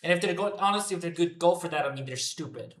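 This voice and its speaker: A man's voice: high voice, quick pace, a bit bright, echoey room. A man ranting profanely to his live chat about a wrestling show, repeating himself as he goes. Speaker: wrestling commentary streamer. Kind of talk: unscripted rant to a live chat. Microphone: headphones on.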